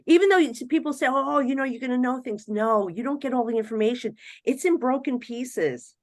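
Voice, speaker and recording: A woman psychic medium, a podcast guest telling animated stories in a chatty, casual way with lots of "you know". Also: sits high, brisk, no echo, clean studio sound. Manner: animated, swings between hushed and excited.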